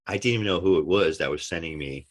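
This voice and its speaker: Deep-voiced animated male storyteller. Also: fast. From United States. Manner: animated storyteller, acts out quotes. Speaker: actor guest. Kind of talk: casual interview chat.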